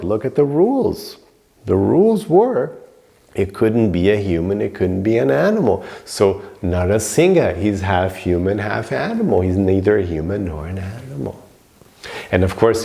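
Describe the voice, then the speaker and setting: A man's voice: low voice, vocal fry, a little mellow. A man teaching a spiritual story in a casual, rambling way, full of fillers. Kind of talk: storytelling lesson.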